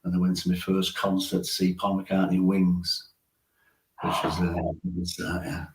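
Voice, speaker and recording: A man's voice: sits low, monotone, normal speed. A man, a musician telling stories in a casual interview and chuckling often. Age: 60s. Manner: chatty storyteller, chuckles often. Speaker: musician guest. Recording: roomy echo.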